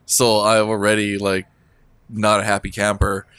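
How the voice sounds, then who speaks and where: A man's voice: fairly low pitch, monotone, moderate pace, fairly bright tone, smooth, no echo. A man telling a work story in casual chat, rambling with fillers and chuckling.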